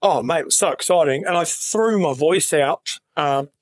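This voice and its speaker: A middle-aged man with a New Zealand accent, a guest actor on a podcast, telling animated anecdotes in a casual chat with voiced quotes of other people. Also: a little high, moderate pace, dry recording, studio quality.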